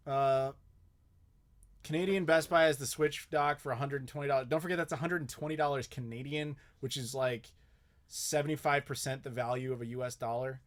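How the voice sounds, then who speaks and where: A young man hosting a live Q&A, chatting casually and bluntly, swearing often and joking with viewers. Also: medium pitch. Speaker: host.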